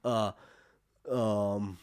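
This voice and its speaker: A man hosting a casual fantasy book review, excitable and chatty, laughing easily between asides. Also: fairly low pitch, drawn-out words, clear, resonant tone. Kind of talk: casual chat and book reading.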